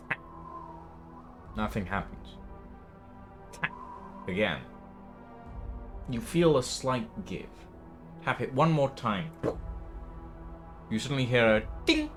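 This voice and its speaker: A man narrates a tabletop game as game master, slowly and deliberately. His voice is lowish but swings widely in pitch, and he pauses on fillers as he builds the scene. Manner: unhurried, halting narration with fillers.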